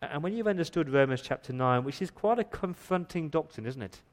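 Firing off rhetorical questions and quick, stumbling repeats, a pastor gives an emphatic church sermon. His male voice is a little high, with lively intonation.

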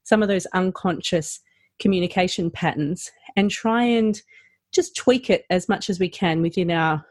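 A woman, a health practitioner, talking through her advice in a podcast conversation, animated and full of ums. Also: no room sound, clean studio sound. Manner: animated, rising and falling pitch, lots of fillers. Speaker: practitioner educator.

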